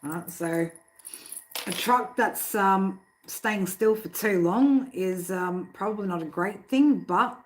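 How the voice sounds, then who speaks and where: A woman's voice: mid-range voice, slow pace, poor audio. A woman hosting a casual live tarot stream from home. She talks loosely, swears freely and keeps breaking off to scold her cats. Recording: steady background noise. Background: noise and cats.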